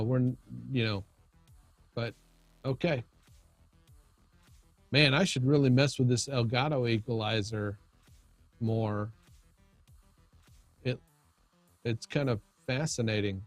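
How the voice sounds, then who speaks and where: Male livestream host, unhurried, rambling casual chat, dry close sound. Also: mid-range voice, fairly even intonation, no echo, soft background music. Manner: rambling, with frequent restarts and chatting to viewers. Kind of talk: casual live-stream chat.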